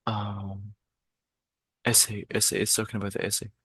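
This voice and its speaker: A man's voice: on the low side, level tone, normal speed, a bit bright, husky. A male student giving brief, hesitant answers in a tutoring session.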